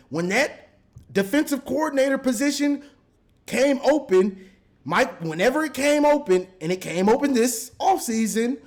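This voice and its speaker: A high-pitched man rants about his team, exasperated and animated. He circles back on the same points again and again. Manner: exasperated, repetitive, animated with laughs. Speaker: sports commentator. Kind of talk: ranting fan commentary.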